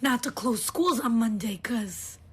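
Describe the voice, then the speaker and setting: Breathy whispering woman. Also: fairly high pitch, lively intonation, a little slow. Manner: whispering, airy and hushed. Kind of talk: whispered video monologue.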